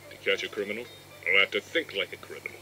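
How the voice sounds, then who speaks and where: A man's voice: low voice, quick pace, over music, lightly acted. A man voicing an overexcited, eccentric male detective in a fan-dub parody cartoon. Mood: brooding.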